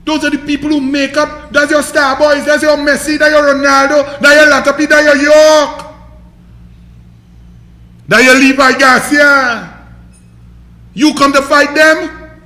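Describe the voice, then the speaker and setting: A political commentator with a Trinidadian accent delivers a scornful, mocking rant, hammering his points with emphasis. His voice is very high-pitched, pushed and bright, with little pitch movement; he's unhurried, pauses often, and sounds roomy.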